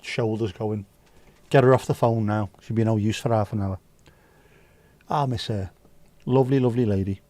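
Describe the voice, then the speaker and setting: A man's voice: on the low side, fairly even intonation, normal speed, pauses often, mellow, no echo. A man from the UK hosting a casual livestream, chatting and joking and reading out viewer comments. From United Kingdom. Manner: chatty, jokey, reads viewer comments aloud. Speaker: livestream host.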